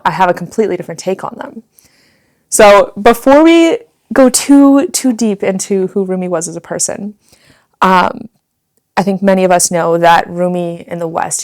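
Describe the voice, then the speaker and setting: A woman co-hosting a podcast, chatting casually and reading a poem aloud. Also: fairly low pitch. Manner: giggly, keeps breaking into laughter while reading. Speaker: podcast co-host.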